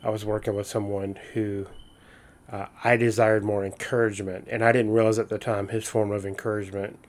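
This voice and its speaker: A man's voice: lowish voice, flat delivery, fairly quick. A man in casual, earnest storytelling, using folksy fillers and restarts as he reflects. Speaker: host of a reflective talk.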